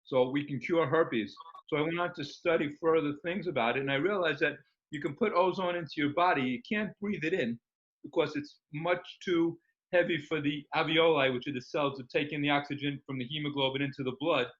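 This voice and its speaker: Male guest, slightly high voice, rambling and keen, muffled lo-fi sound. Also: fairly quick, a bit bright. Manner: rambling and enthusiastic, many fillers. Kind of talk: casual interview talk. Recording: dull lo-fi recording.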